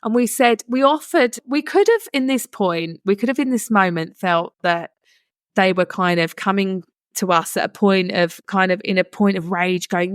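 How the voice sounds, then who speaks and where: A young woman hosts her own podcast and tells a story in a relaxed, earnest way, often adding "you know" as she goes. Her voice has a gravelly fry. The sound is close and dry, with no room around it. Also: medium pitch, normal speed, no echo. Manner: chatty, earnest, many "you know" asides. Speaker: podcast host. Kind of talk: casual storytelling monologue.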